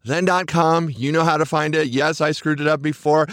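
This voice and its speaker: A man's voice: on the high side, fairly even intonation, no room sound. Upbeat male podcast host, dry sound. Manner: upbeat, chatty, quick shout-outs; laughs at himself, self-correcting. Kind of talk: solo podcast monologue.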